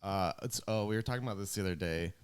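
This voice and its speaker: A man chatting as a podcast guest, animated and jokey, laughing easily as he tells stories. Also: deep voice, very fast, clear, resonant tone, dry recording. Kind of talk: casual podcast chat.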